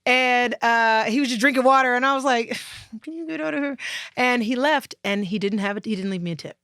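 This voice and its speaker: A woman in her thirties chatting as a guest on an interview podcast, telling stories with lively acted-out voices. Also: fairly high pitch, brisk, dry recording, studio quality. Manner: lively storyteller, acts out voices and laughs often. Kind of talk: casual interview chat.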